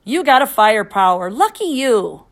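A woman reading an audiobook voices a middle-aged father who talks in booming, commanding speeches. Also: very animated, moderate pace. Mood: cheerful. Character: boisterous pompous superhero dad, middle-aged man. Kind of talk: audiobook character voice.

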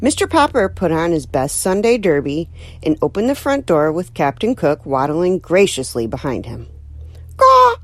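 Brief: woman storyteller, very lively intonation, dry close sound, expressive audiobook narration. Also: low voice, normal speed, no room sound. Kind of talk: audiobook reading of a children's novel.

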